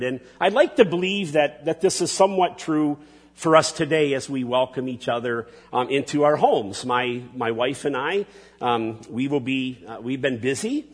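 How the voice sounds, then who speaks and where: A man preaching a sermon as pastor, halting and restarting often, with folksy asides to the congregation. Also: fairly high pitch, slightly rough, big-room sound.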